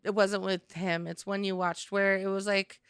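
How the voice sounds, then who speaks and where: A woman co-hosting a casual movie podcast, chiming in with quick remarks. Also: medium pitch, flat delivery, clear, resonant tone, no room sound, studio quality. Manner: quick interjections. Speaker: podcast co-host.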